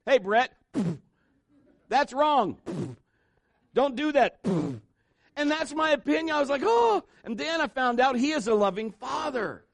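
A man's voice: extremely high pitch, a bit bright, no echo. A man preaching a sermon in church, mixing jokes and acted-out quotes into his message. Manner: joking asides, voices quotes. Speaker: pastor.

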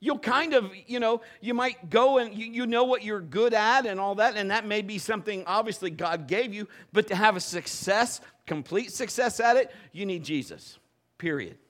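A middle-aged man, a pastor, preaching a conversational sermon and telling stories in an animated way. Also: sits high, normal speed. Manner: animated, conversational, acts out quoted voices. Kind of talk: storytelling sermon.

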